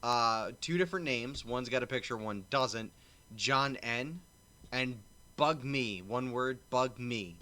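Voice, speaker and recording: A man's voice: medium pitch, animated, takes it slowly, sharp tone. A man hosting a drinking-game stream, teasing his co-hosts and reading movie reviews aloud. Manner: laughs often, teasing, exclaims. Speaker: stream host.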